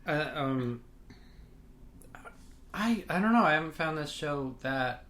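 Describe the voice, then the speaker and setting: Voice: mid-range voice, animated, slow, fairly bright tone. A podcast co-host chatting casually, a bit hesitant and thoughtful, chiming in with quoted lines. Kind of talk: casual chat recapping a TV show.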